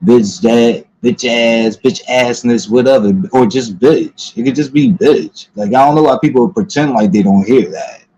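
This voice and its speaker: A man talking casually to his viewers in a halting way, full of pauses and restarts. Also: medium pitch, darkish tone. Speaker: commentary channel host. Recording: dull lo-fi sound.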